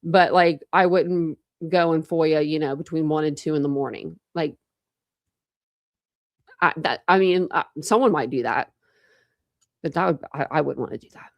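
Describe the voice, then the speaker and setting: Tired young woman on a home livestream, lowish voice, super dry, lots of likes and ums. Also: normal speed, pauses often, no echo. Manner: rambling, lots of fillers and restarts. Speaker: true crime channel host. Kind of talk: casual livestream chat with viewers.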